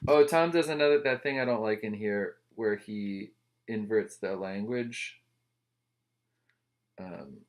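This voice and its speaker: A man talks through a comic book review in loose, casual chat, wandering off into wry jokes and asides. His voice sits somewhat low. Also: slow pace, long pauses. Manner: wry, rambling, joking asides.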